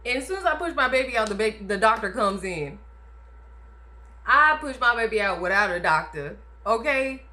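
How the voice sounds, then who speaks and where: A woman's voice: a little high, expressive, normal speed, bright, forceful tone. A woman casually telling a personal story to camera, chatty and emphatic, often adding "like" and "okay?". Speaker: vlogger telling her birth story.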